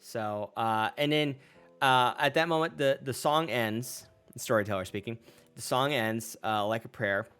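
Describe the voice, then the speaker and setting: A man running a tabletop role-playing session as storyteller, speaking in a smooth, resonant, mid-pitched voice. His narration is loose and chatty, full of ums and restarts as he sets the scene. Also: a little slow, a bit bright, faint music behind. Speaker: game master.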